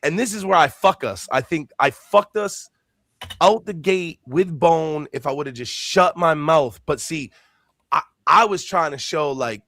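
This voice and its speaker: A man's voice: on the high side, a little slow, no echo. A man hosting a live podcast, telling a story casually and swearing freely. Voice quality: profane, animated storyteller. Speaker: podcast host.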